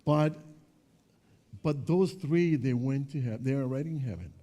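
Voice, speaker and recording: A man leads a children's Bible lesson, keeping the kids involved with questions. His voice is very dark and mellow, and he sits at an average pitch. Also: moderate pace. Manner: asks the children questions, mixes in Spanish.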